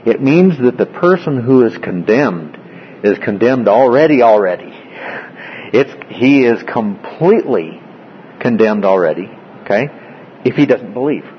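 A man's voice: mid-range voice, very animated, unhurried, muffled recording, a little hiss or hum. A man leading a classroom Bible study, explaining word by word and often checking in with his class. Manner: explanatory, asks frequent check-in questions.

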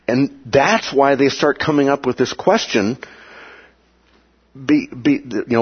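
A man teaching a Bible study lesson in an animated way, acting out quoted voices and often checking in with "okay?" and "right?". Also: medium pitch, measured pace, slightly rough, highs cut off.

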